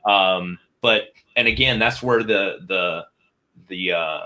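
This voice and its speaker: A man's voice: low voice, takes it slowly, bright, forceful tone. A man speaking as a guest on a podcast, candid and emphatic, often tagging his points with "right?". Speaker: guest, chiropractic marketer. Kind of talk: casual interview chat.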